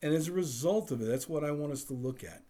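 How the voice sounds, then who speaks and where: A man's voice: a little high, fast talker, mellow. A man preaching a conversational sermon, telling stories with acted-out dialogue and laughing along the way. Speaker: pastor.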